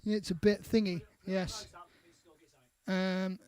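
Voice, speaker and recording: A man's voice: high voice, level tone, slow, a little mellow. A man co-hosting a live stream, chattily reading out viewer comments with small asides. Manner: chatty, reads out names with asides. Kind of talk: casual live-stream chat.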